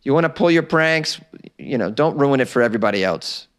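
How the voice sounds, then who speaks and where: A man's voice: mid-range voice, animated, a little fast. An American man hosting a comedy news podcast, reading odd stories with sarcastic asides and laughing at his own jokes. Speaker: podcast host. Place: small closet.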